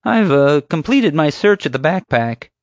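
A man's voice: fairly high pitch, sing-song, a little slow, no room sound, studio quality, pitched above the performer's own voice. A man voicing a meek, nervous young male security guard who hesitates.

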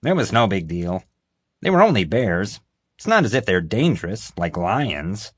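A man's voice: fairly low pitch, big pitch swings, normal speed, husky. A male narrator voicing a clueless, blustery female security officer in an audiobook. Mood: nonchalant.

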